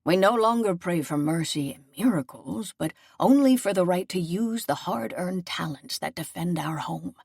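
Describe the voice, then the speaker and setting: Casting: a woman playing an old crippled seneschal, deep-ish, slow and gentle. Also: creaky, no echo, clean studio sound. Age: older. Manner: slow, solemn and fatherly. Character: aging wounded male seneschal, gentle and loyal.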